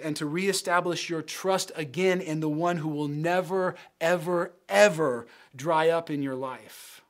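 A male pastor preaches with earnest conviction, driving his points home by repeating phrases in a row. His voice sits a little higher than most men's. He moves from exhortation into leading his congregation in prayer. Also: a bit bright. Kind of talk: sermon closing in prayer.

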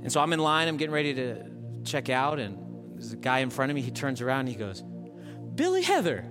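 A man's voice: medium pitch, steady tone, fast, over music. A man preaching a sermon as a pastor, talking casually and building to impassioned emphasis. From Southern California.

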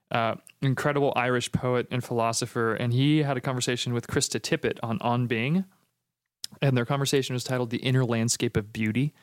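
A man's voice: mid-range voice, clean tone, no echo, clean studio sound. A man co-hosting a faith podcast in casual conversation, playful and enthusiastic, drifting into reflective musings. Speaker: podcast co-host.

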